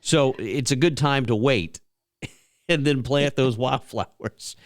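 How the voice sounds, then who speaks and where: Folksy host, dry close sound. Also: male voice, mid-range voice, slow pace, dry recording. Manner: folksy storyteller, rambling with many fillers. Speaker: radio show host. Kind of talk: casual radio chat.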